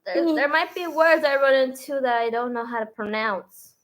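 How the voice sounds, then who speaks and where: A woman with a somewhat high voice, chatting as a daughter with her mother. She is playful and a little whiny, joking her way out of reading aloud. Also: normal speed. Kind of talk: casual chat.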